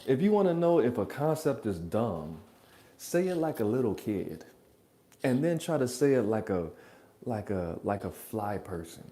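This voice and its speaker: A man's voice: fairly low pitch, sing-song, a little slow, dark tone. A man hosting a reaction channel, rambling through blunt, profane, joking advice in a casual monologue from his apartment.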